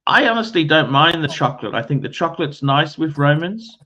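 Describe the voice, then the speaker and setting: A man's voice: a little high, expressive, a little fast, pushed and bright. Blunt, bossy man giving advice. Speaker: livestream host. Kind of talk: casual livestream chat.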